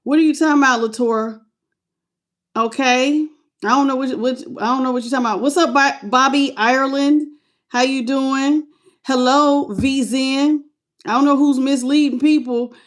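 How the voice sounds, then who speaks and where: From a phone on a stand at home, a middle-aged woman hosts a casual live tarot session in a high-pitched, steady voice at normal speed. Affectionate and talkative, she welcomes viewers by name and uses pet names.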